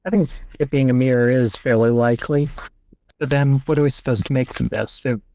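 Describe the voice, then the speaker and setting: The podcast host talks fairly quickly in a mid-range voice with a darkish tone and no echo, reading passages aloud over an online call and thinking through them casually.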